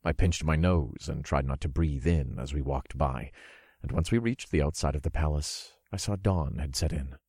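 A man narrating an audiobook in the first person, telling the story in a relaxed, smooth way. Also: extremely low pitch, moderate pace, dry recording, clean studio sound.

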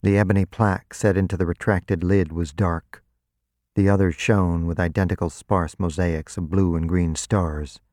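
Deep-voiced male audiobook narrator. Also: fairly even intonation, moderate pace, darkish tone, dry recording, clean studio sound. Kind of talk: first-person audiobook narration.

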